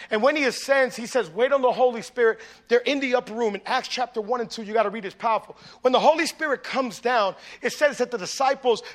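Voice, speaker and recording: A man preaching a sermon as pastor, telling stories conversationally with asides to the congregation and building to loud emphasis. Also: very high voice. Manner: conversational storytelling with audience asides.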